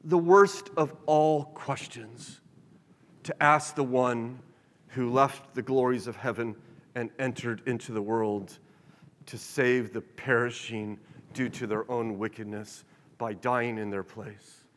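A man preaching a sermon in a church, animated, shifting his pace and loudness. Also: mid-range voice, takes it slowly. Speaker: pastor. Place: church sanctuary. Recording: reverberant hall.

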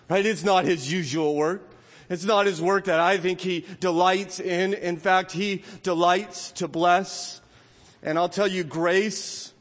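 A man's voice: high voice, in a large hall. A man preaching a sermon in a church, impassioned and rising to emphatic peaks. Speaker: pastor. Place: church sanctuary.

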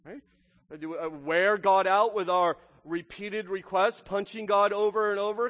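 Animated male pastor in a reverberant hall. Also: sits high, normal speed. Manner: animated, acts out voices, keeps asking "right?". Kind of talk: sermon.

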